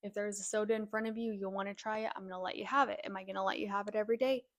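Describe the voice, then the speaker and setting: A woman's voice: mid-range voice, fairly even intonation, rapid-fire. Giggly chatty woman on an echoey podcast. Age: 20s. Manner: chatty, giggly, talks to listeners directly. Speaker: podcast host. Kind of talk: casual podcast chat. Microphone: podcast mic. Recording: echoey room, faint background noise.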